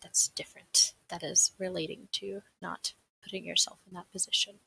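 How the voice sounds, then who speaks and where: A woman's voice: lowish voice, little pitch movement, normal speed, vocal fry, pushed and bright, husky, whispered, rough recording. A young woman with a Southern American accent, chatty and rambling as she presents a seminar on a livestream, laughing often. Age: young adult. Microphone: desk mic on a livestream.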